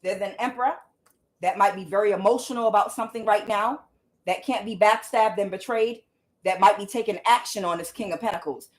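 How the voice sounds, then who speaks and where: A tarot reader with a mid-range voice talks a little fast over slight background noise during a casual reading. She's blunt and swears freely, calling out loud to the Holy Spirit as she goes.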